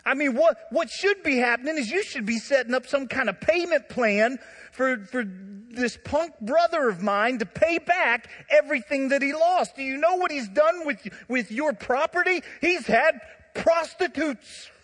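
A man's voice: very high voice, animated, unhurried, fairly bright tone, in a large hall, pitched above the performer's own voice, heavily acted. A man putting on an indignant older brother. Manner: raised, pleading, exaggerated complaint.

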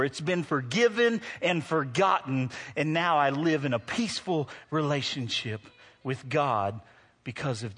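Husky, high-voiced preaching man. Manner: animated preaching, swinging between loud and hushed; talks straight to the congregation, teasing them. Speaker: pastor. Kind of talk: sermon.

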